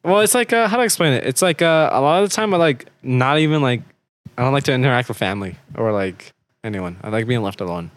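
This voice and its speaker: A man's voice: medium pitch, lively intonation, no echo. Young man rambling with "like" fillers. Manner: halting, heavy on "like" fillers, laughs often. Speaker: podcast co-host. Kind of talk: casual podcast chat.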